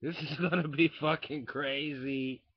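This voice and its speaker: Give me a profane young man ranting into a webcam with a husky, lively voice and dry, dull audio. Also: on the high side, unhurried, no echo. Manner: profane, rambling, swings from muttering to shouting. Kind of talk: casual webcam rant. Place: indoors at home. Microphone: webcam mic.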